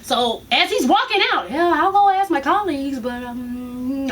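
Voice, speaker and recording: A woman tells a story straight to camera, animated, profane and quick to laugh. Her voice sits very high and swings widely. It is bright, and a faint hiss of noise runs under the recording. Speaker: vlogger. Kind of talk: casual storytelling.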